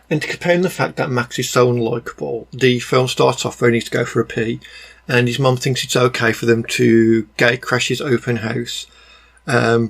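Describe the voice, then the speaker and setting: A man's voice: mid-range voice, creaky, a bit bright. A man with a Black Country accent giving a blunt, exasperated film review in a rambling, casual way, full of ums.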